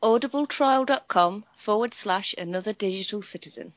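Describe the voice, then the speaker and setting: A woman co-hosting a casual podcast, making quick dry remarks and laughing along. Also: mid-range voice, a bit bright, no echo, lo-fi sound. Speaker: podcast co-host. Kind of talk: casual chat.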